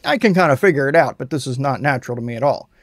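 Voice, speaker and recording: A man narrating a software tutorial voice-over in a plain, explanatory and self-deprecating way, recorded on a close mic. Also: mid-range voice, lively intonation, rapid-fire, no room sound. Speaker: tutorial host.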